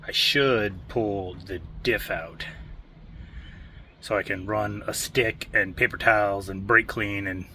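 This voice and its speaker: A home mechanic vlogger works on his vehicle in an outdoor driveway garage, out of breath and chatting self-mockingly in casual commentary. His lowish voice is steady, slow, pushed and bright. The camera mic picks up a little hiss or hum.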